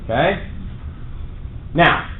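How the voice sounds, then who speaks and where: A man's voice: drawn-out words, narrow, tinny audio. A man with a New York accent giving a brash, punchy seminar talk to a live audience, acting out his own sales calls. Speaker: real estate trainer. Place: large meeting room. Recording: echoey room, faint noise.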